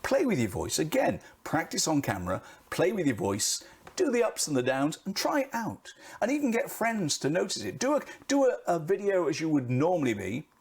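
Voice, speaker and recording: A middle-aged British man coaches people on camera presence, speaking animatedly and swinging his pitch and volume for emphasis. He keeps a moderate pace, and his voice has a breathy edge.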